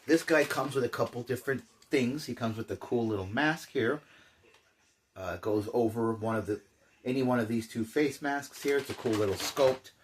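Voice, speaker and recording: A man's voice: medium pitch, normal speed, a little hiss or hum. An older man chatting casually through a toy unboxing, rambling with jokey asides. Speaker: toy collector.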